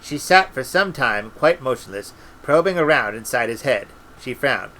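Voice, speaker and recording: A man reading a story aloud in a relaxed way, with restarts and little asides. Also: mid-range voice, normal speed, a little hiss or hum, poor audio. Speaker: audiobook reader.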